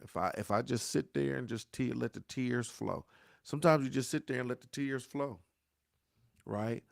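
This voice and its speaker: A man's voice: mid-range voice, moderate pace, vocal fry, no echo, studio quality. A man giving a motivational talk on grief, with a preacher-like cadence, repeating his phrases and calling his listeners "y'all.". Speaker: grief speaker.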